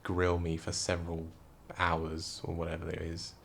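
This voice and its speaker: Tired, hushed young man with gravelly fry. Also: sits low, completely flat delivery, moderate pace, a little hiss or hum. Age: young adult. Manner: hushed, quiet, rambling talk. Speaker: vlogger. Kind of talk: casual storytelling vlog. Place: room indoors at night.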